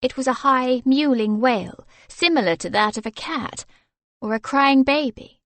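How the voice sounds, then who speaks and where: A woman's voice: high-pitched, unhurried, dry recording. Woman reading a romance audiobook. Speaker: audiobook narrator. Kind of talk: scripted narration.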